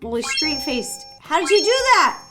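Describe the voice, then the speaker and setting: Excitable high-voiced woman host. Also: normal speed, over music. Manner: excitable, animated reactions. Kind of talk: casual chat while playing games.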